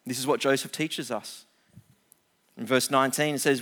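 A middle-aged man, preaching a sermon, reading scripture aloud and explaining it with animated asides. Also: mid-range voice, moderate pace, long pauses. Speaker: pastor.

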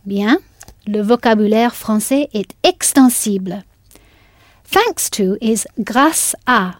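A woman's voice: mid-range voice, lively intonation, takes it slowly, no echo, clean studio sound. A woman teaching a language in a scripted audio lesson, patient and encouraging, spelling words out letter by letter.

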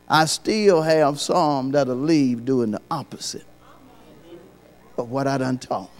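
A pastor preaches a sermon, repeating his points as he builds from quiet lines up to loud, high, shouted peaks.

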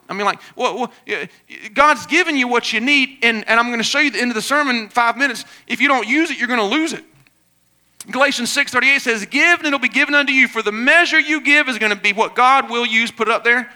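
High, bright-voiced energetic male preacher. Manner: energetic preaching with sudden shouts and soft asides. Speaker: pastor. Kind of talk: sermon.

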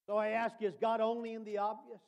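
Man preaching a sermon, very high voice, hushed asides, shouted peaks, calls listeners brother. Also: completely flat delivery, fast, gravelly, dull audio. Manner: swings between quiet asides and shouted emphasis; addresses listeners by name as brother.

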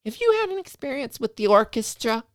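A woman's voice: fairly high pitch, very animated, a little fast, no echo, studio quality, pitched above the performer's own voice. A woman voicing a theatrical, syrupy music teacher who talks to children as if performing into a microphone. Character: gushing sing-song female music teacher, middle-aged.

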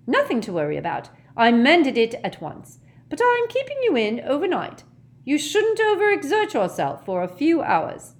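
A stern older school matron bustles through her orders in a firm, bossy voice, as a woman reading the story puts her on. Her tone lifts high and sharp, with lively swings of pitch. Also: normal speed, heavily acted.

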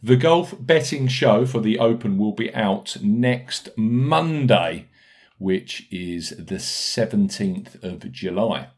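A man hosting a casual podcast, brisk and jokey, reading out notes and listener reviews between banter. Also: lowish voice, expressive, darkish tone. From United Kingdom. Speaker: podcast host.

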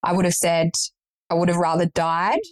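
A woman's voice: fairly low pitch, little pitch movement, moderate pace, dry recording, poor audio. A young woman guest recounting a personal story in conversation, earnest and matter-of-fact.

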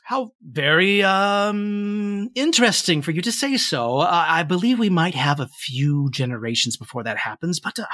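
A man voicing a suave, white-haired tiefling gentleman in a tabletop game, speaking in a smooth, courteous, mannered way. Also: sits high, expressive, normal speed, no echo, studio quality, pitched above the performer's own voice. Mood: wry.

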